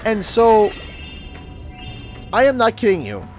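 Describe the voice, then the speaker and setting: A man's voice: high voice, slow, faint music behind. A man streaming a game, telling a story casually and acting out what other people said. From Canada. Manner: animated, acts out other people's lines in changed voices. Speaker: gaming streamer.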